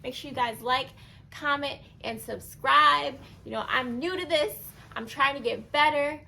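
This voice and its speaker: A young woman vlogging casually to camera, chatty and animated, acting out past moments in a higher voice. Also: moderate pace, rough recording.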